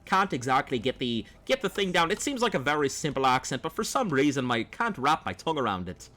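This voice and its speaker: A man's voice: medium pitch, very animated, fairly quick, pushed and bright. A man streaming a game and chatting with viewers in a put-on Australian accent, rambling and playful. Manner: rambling, playful, talks to chat. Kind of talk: gameplay livestream chat.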